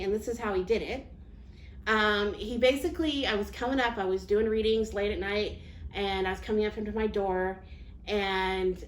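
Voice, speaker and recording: A woman psychic medium recounts her own experience in loose, rambling speech full of restarts and fillers. Her voice sits at a middling pitch, and the recording is roomy with faint background noise. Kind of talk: casual personal storytelling.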